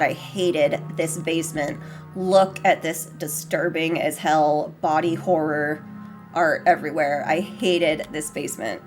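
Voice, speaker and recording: A woman giving casual, excitable commentary while playing a story game, reading on-screen text aloud. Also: lowish voice. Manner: bubbly and excitable, gushes over characters; switches to a hushed voice to read game text. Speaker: let's play gamer.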